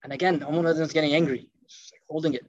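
A man telling a story in a lively sermon, acting out the quoted speech and mixing in Arabic phrases. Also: a little high, fast, no room sound. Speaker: preacher. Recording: dull, dry lo-fi sound.

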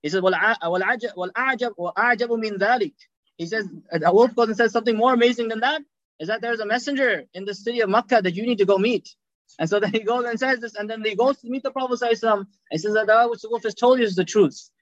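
High-voiced, fast-talking male preacher. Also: no room sound. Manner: animated storytelling, quick talk with repeated restarts. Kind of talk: sermon storytelling. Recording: dull, dry lo-fi sound.

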